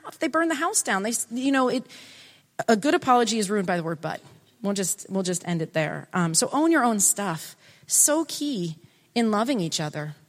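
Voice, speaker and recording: A middle-aged woman speaks in an earnest, animated way, often breaking off mid-sentence and restarting. Her voice sits in a medium range. It carries a long reverb tail. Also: medium pitch, moderate pace. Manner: earnest, animated, self-interrupting. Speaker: speaker on family relationships. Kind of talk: casual talk.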